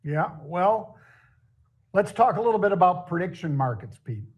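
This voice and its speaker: A man's voice: high-pitched, big pitch swings, normal speed, lo-fi sound. A middle-aged man co-hosting a casual market talk show, chatty and jokey. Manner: chatty, jokey, laughs at own stories. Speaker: show co-host.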